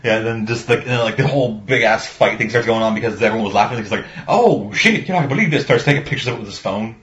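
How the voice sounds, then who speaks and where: A man's voice: fairly low pitch, little pitch movement, rapid-fire, fairly bright tone. A man chatting casually about a movie, rambling, swearing often and acting out lines from scenes. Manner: rambling, swears a lot, acts out quotes. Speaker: podcast co-host. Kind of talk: casual movie review chat. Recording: dull lo-fi sound.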